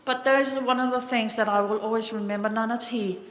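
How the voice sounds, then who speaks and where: A middle-aged woman giving a fond, reminiscing funeral eulogy in a large church, a little halting at times. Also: fairly high pitch, fairly even intonation, a bit bright, slight background noise. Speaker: family member giving a eulogy. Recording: echoey church hall, faint ambience.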